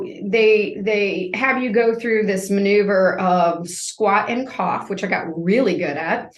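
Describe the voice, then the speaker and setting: Woman in her fifties, echoey room. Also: medium pitch. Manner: vivid storyteller who acts out scenes. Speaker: guest. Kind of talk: storytelling in a podcast interview.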